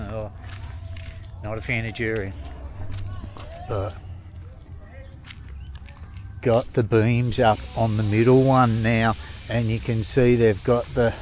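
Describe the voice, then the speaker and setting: A man's voice: lowish voice, a little hiss or hum. A man, chatting casually and joking as he films a vlog outdoors at his home. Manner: joking, blokey banter. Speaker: vlogger.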